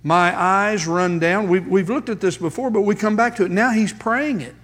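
A male pastor preaching a sermon, emphatic, with dramatic pauses and rhetorical questions, in a church sanctuary. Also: high voice, fairly bright tone. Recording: long hall reverb.

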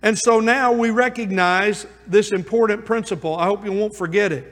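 A man preaching a sermon as pastor, moving between hushed asides and emphatic calls. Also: sits high, normal speed. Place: church sanctuary. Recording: long church reverb.

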